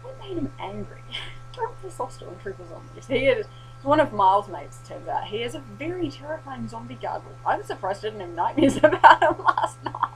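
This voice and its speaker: A young woman, telling a sweary, animated story in a casual vlog recap. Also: a little high, normal speed, slight background noise, poor audio. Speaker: vlogger.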